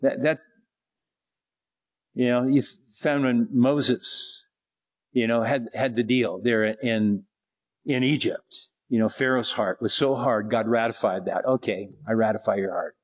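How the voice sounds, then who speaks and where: A man teaching verse by verse through scripture, reading passages slowly and then explaining them, his voice rising when he presses a point. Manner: rises in pitch and force when pressing a point. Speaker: Bible teacher.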